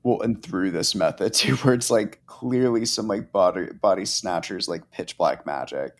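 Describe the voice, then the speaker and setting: A man's voice: lowish voice, normal speed. Laid-back man retelling a story. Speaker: podcast co-host. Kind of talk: casual chat.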